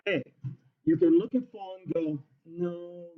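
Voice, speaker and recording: A male teacher giving a classroom lesson, teasing his students in a joking, animated way. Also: a little high, normal speed. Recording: dull lo-fi classroom recording.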